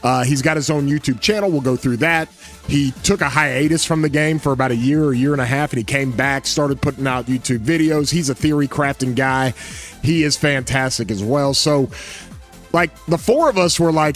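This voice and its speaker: Guy hosting a gaming podcast stream, excited and rambly, kinda high voice, faint music behind. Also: moderate pace. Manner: rambling, enthusiastic, restarts often. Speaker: podcast host. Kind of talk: casual livestream podcast chat.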